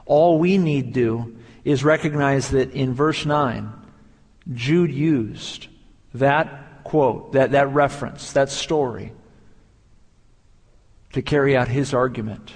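A man's voice: medium pitch, slow, long pauses, big-room sound. A man preaching a sermon as pastor, building emphasis through repeated phrases.

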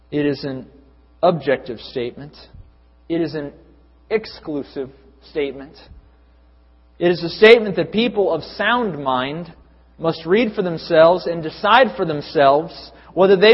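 Guy preaching a sermon, bit husky, echoey church hall, dull sound. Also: on the high side. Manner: rising to emphatic, lengthy repeated lists. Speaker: pastor.

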